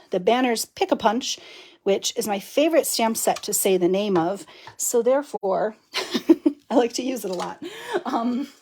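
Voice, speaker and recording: A middle-aged woman with a fairly high, darkish-toned voice runs a live-stream card-making demo, chatting to viewers as she works and laughing often. There's a little hiss or hum in the audio.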